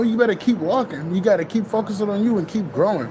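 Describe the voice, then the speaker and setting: A man with a notably high voice talks in a loose, streetwise spiritual pep talk. He curses freely and keeps looping back to the same encouragements. Faint vehicle noise hums in the background. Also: quick pace, darkish tone. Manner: loose, profane, repeats himself. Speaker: spiritual vlogger.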